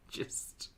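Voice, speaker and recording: An Australian man hosting a livestream, talking loudly in a chatty, self-mocking way as he greets viewers and comments on videos. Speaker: reaction livestream host.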